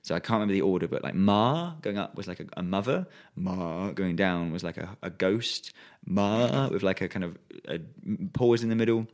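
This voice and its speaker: Fast-talking young man. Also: sits low. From England. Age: young adult. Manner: lively storyteller, quick and chatty. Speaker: podcast guest, traveller. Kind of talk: casual chat.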